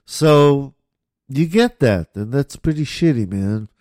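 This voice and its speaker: A man's voice: mid-range voice, animated, slow, a little mellow, dry recording, clean studio sound. A man in a casual chat, mostly giving short replies and laughing along, sometimes swearing.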